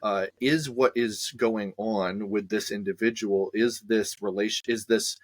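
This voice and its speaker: A male clinician in a discussion, speaking thoughtfully and hesitantly, with many pauses and restarts. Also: fairly low pitch, fairly even intonation, dry recording. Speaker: clinician and co-host. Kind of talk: conversational discussion.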